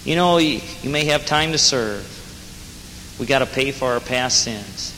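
A man's voice: medium pitch, a little slow, sharp tone. A man preaching an earnest, plain-spoken sermon with rising emphasis, as a jail minister. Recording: hall reverb with faint noise.

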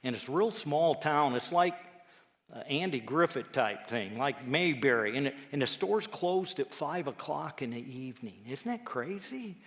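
Animated man in an echoey hall. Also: a little slow. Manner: animated storyteller, acting out quotes with big jumps in pitch. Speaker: lay preacher. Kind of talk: telling a personal testimony story. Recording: echoey hall with long reverb.

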